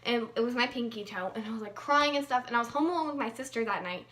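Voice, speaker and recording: A young woman chats through a personal story for her vlog, full of fillers and playful bursts of emphasis. Her voice sits high and sounds bright and lively. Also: fast. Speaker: vlogger.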